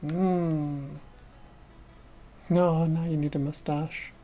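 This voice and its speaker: A woman's voice: low-pitched, fairly even intonation, very slow, dark tone, muffled recording, soft background music. A woman VTuber giving casual, chatty commentary as she plays a game, talking to herself and laughing. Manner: chatty, talks to herself while playing, laughs often. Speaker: VTuber streamer.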